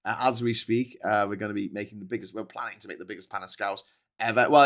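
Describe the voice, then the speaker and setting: A man hosting a live news commentary stream, rambling and jokey, often correcting himself. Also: fairly low pitch. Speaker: show host. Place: seated in his own show chair.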